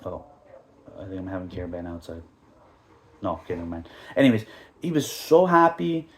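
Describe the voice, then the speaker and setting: Canadian man, podcast host, fast rambling football rants, profane and jokey. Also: low voice, noisy background. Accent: Canadian English. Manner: animated, joking, profane, rambling ranting. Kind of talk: casual football podcast rant.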